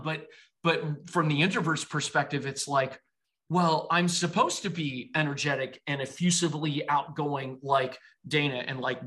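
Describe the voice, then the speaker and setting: A man hosting an interview over a video call, talking in quick, energetic bursts. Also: fairly high pitch. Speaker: podcast host.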